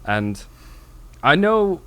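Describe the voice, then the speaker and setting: A man voicing a posh upper-class British gentleman with a posh British accent and extreme views, in a flat monotone. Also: a little high, drawn-out words, smooth, voice pushed up, exaggerated voice. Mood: deadpan. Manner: deadpan, monotone.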